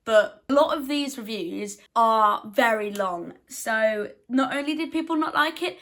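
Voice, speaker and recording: A young woman chatting to camera as a book vlogger. She talks in a self-deprecating way and fires off quick, defensive asides. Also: on the high side, expressive, a bit bright. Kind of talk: casual chat to camera.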